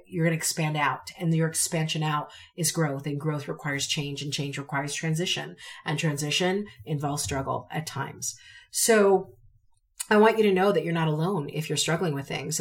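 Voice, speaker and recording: A woman with a slightly low voice talks through a solo podcast episode. She is candid and emphatic, circling back on phrases to stress them. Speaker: podcast host.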